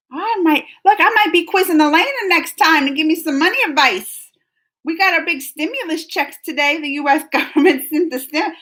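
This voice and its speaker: A woman hosts a relaxed livestream, reading comments and answering viewers by name. Her voice sits high and sounds bright and forward. A tickle in her throat keeps breaking in with coughs. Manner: chatty, laughs often, talks to viewers by name. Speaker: livestream host.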